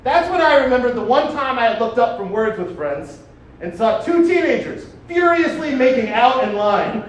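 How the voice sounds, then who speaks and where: A man's voice: extremely high pitch, expressive, normal speed. A man performing a stand-up set on a club stage, brash and profane, mocking himself and laughing at his own jokes. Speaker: stand-up comedian. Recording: echoey club recording, heard from a distance, with noise. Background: audience laughter.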